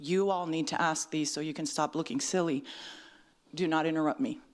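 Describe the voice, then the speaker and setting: A woman's voice: low voice, steady tone, a little fast. A combative woman scolding the council. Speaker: public commenter at a city council meeting. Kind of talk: public comment speech. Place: city council chamber.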